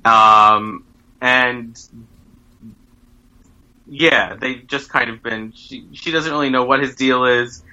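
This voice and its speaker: A man's voice: mid-range voice, steady tone, slow pace, pauses often, pushed and bright, rough recording. A man co-hosting a podcast, adding dry asides while recapping a TV drama. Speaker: podcast co-host. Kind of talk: casual chat.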